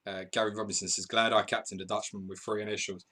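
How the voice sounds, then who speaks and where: A male host runs a live football stream, reading out viewer comments and bantering with them as match updates come in. His voice sits a little low but comes across bright and forceful. He laughs often and keeps it loose and conversational. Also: little pitch movement, quick pace. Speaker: podcast host.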